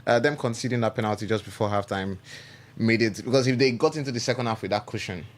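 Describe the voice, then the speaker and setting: A man co-hosting a live radio sports show, chatting about football in a lively, laughing way and often restarting his words. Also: lowish voice, fast talker. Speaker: radio co-host. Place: radio studio.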